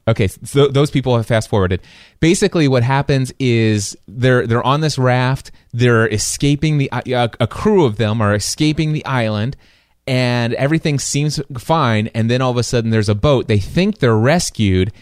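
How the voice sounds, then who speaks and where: A man co-hosting a podcast, telling a story in casual chat with animated asides. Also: mid-range voice, no room sound, studio quality. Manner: animated, quick asides, acts out his own reactions. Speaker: podcast co-host.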